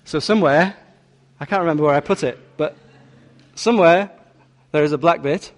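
A man's voice: fairly high pitch, moderate pace. A man preaching a sermon in a church, emphatic and repetitive, drawing in the congregation. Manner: emphatic, repeats key words, talks with congregation.

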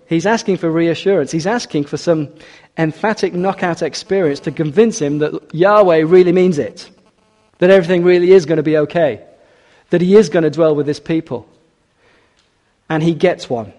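A man preaching a sermon, expressive, rising for emphasis and dropping quiet for scripture. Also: a little high, normal speed, big-room sound.

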